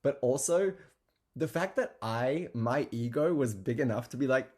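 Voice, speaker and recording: A man's voice: medium pitch, lively intonation, moderate pace, darkish tone. A man telling a story in a casual, chatty way, with lots of fillers and laughing asides. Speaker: guest telling an anecdote.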